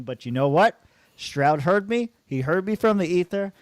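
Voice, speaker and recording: A man's voice: fairly high pitch, normal speed, no room sound. Laid-back young man, dry close mic. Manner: rambling, swears freely, laughs often. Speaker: podcast co-host. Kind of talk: casual fantasy football chat.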